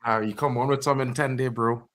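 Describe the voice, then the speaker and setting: A man hosting a fan livestream, reacting live to a football match in slangy chat and breaking into loud high yells at big chances. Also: steady tone, a little fast, a crowd in the background.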